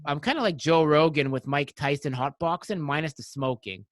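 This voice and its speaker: A man's voice: on the high side, normal speed, no room sound, studio quality. A man hosting a podcast, chatting casually and rambling while quoting other people. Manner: rambling, quotes people in voices. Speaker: podcast host. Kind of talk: casual chat.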